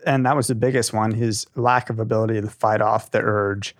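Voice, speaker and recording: A young man co-hosting a casual podcast, talking in an animated, rambling way with a lot of enthusiasm. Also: lowish voice, brisk, no room sound, clean studio sound. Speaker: podcast co-host.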